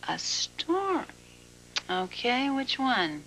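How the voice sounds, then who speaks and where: A woman's voice: sits high, very animated, slow, fairly bright tone, slight background noise, heavily acted, poor audio. An actress playing a caring young woman with a soothing, coaxing way of talking, in a TV drama. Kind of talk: daytime TV drama acting.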